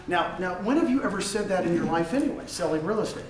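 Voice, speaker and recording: Speaking fast with big pitch swings in a voice that sits high, an older conference speaker delivers a forceful motivational talk, repeating phrases for emphasis. He's in a large, echoey conference room, recorded from a distance, with crowd noise audible.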